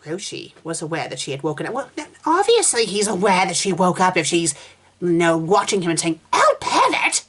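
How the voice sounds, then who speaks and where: A woman's voice: on the low side, lively intonation, a little fast. A woman reviewer reading fan fiction aloud, breaking in with sarcastic, exasperated comments.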